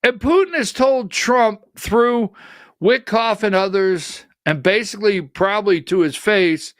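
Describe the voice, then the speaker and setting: Slow, high-voiced combative male host. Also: dry recording, studio quality. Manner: combative, rhetorical, emphatic. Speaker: political talk show host. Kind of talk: livestreamed political commentary.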